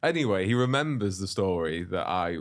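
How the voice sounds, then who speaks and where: Podcast co-host, male, low voice, casual, salty storyteller. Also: lively intonation, a little fast. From England. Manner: swears freely, acts out quotes with big pitch jumps. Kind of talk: casual chat.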